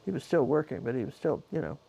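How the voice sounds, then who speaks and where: A woman's voice: very deep voice, lively intonation, fast, vocal fry, warm tone, breathy edge. A woman, a painting teacher, casually telling a personal story in a chatty, rambling way with lots of asides.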